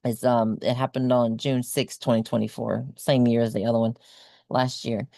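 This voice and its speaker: A woman's voice: very deep voice, flat delivery, normal speed, creaky, warm tone, dry recording, clean studio sound. A woman guest on a video call, casually recounting a personal experience in a rambling way, with lots of ums and likes.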